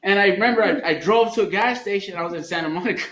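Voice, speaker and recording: A man's voice: sits high, very fast, crowd noise. A man in a recovery program sharing his story at a meeting, swearing and laughing as he tells it. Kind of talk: candid share at a recovery meeting. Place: meeting room. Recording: echoey room, faint background noise.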